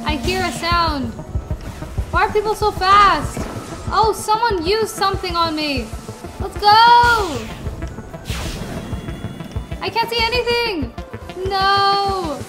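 Very high-voiced excitable woman gamer. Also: measured pace, long pauses. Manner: excitable, squealing and shrieking reactions. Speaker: gaming YouTuber. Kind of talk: excited gameplay commentary. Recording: game music playing behind.

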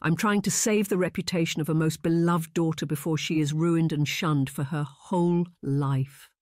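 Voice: medium pitch, steady tone, normal speed, no room sound, studio quality, close to an everyday voice. A narrator voicing a scolding, near-hysterical middle-aged mother in a period audiobook. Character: indignant middle-aged mother, shrill and theatrical. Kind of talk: audiobook character voice.

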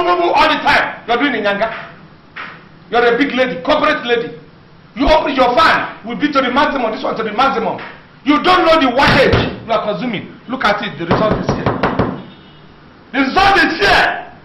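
An actor playing a loud, scolding office boss with a Nigerian English accent, who laughs as he rants. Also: very high-pitched, expressive, brisk, pauses often, reverberant, heavy background noise. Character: blustering bossy man, office manager. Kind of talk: comedy film acting.

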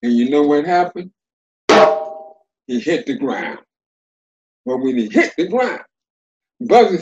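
Brief: older male folktale teller, animated sing-song delivery, dialect-rich and folksy. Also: fairly high pitch, slow, long pauses, low-quality recording. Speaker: storyteller. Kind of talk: folktale storytelling.

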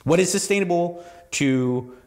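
A man's voice: high voice, a little slow, long reverb tail. A man from southern California hosting a podcast, talking in a loose, rambling solo monologue with lots of restarts and cursing. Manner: rambling, profane, full of restarts and asides. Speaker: podcast host.

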